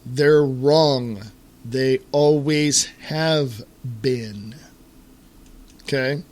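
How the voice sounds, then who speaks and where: A man's voice: mid-range voice, a little mellow. A man hosting a solo talk radio show, ranting in an exasperated way to his listeners with lots of fillers and restarts. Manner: halting with fillers and repeated starts.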